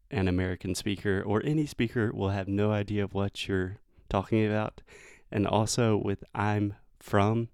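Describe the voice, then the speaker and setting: A man with a Southern US accent, an English teacher giving pronunciation feedback and slowly modelling the sounds. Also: lowish voice, a little mellow, clear, resonant tone, dry recording, studio quality.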